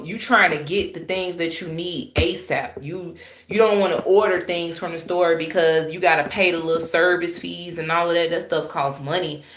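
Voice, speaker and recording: A woman's voice: on the low side, a bit bright. A woman from Chicago doing casual live-stream commentary, blunt and exasperated, swearing freely as she talks to her viewers.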